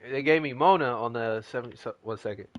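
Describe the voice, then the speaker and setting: A man's voice: medium pitch, fairly quick, slight background noise. A young man chatting casually as a gaming streamer, telling a rambling story in slangy talk.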